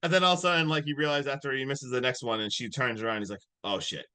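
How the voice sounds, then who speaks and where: A young man co-hosting a podcast, excitedly recapping a film and acting out its scenes with big swings between loud and quiet. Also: medium pitch, rapid-fire, clean tone. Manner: animated, swings loud and soft, acts out scenes. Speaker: podcast co-host.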